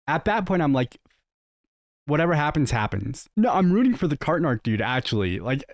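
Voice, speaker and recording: Animated young man in casual chat. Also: on the high side, moderate pace, no echo, studio quality. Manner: animated, jokey storytelling with acted quotes. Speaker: streamer host.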